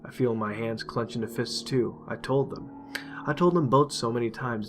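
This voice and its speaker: Man telling a dark story. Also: medium pitch, normal speed. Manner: intense, emotional first-person telling. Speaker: narrator. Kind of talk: dramatic horror story reading. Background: faint music.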